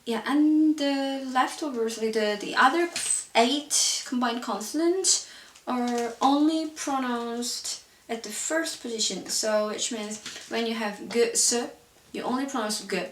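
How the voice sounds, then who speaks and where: A woman with a somewhat high voice leads an online pronunciation lesson. She explains each point patiently and fills gaps with a relaxed "so yeah." The sound is roomy and reverberant, with her voice heard from a little way off the mic. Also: unhurried, recorded from a distance, slight background noise. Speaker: language teacher. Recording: roomy echo, voice set back from the mic.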